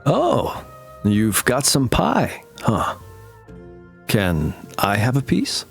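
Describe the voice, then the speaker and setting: A scheming cartoon baby boy, put on by a man, leaning hard on his words with a slow, lively, swooping delivery. He keeps pressing the point with sly insistence. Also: medium pitch, creaky, faint music behind, voice pushed down, full character voice.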